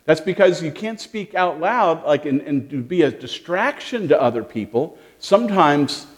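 Animated man giving a children's sermon. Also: fairly high pitch, normal speed, long reverb tail. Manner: animated, questioning, talks to children. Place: church sanctuary.

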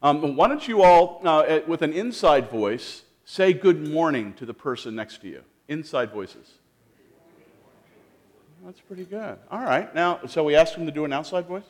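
A man leading a children's sermon as pastor in a church, gentle and lively, asking the kids questions with frequent restarts. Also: a little high, normal speed, hardly any pauses. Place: church sanctuary.

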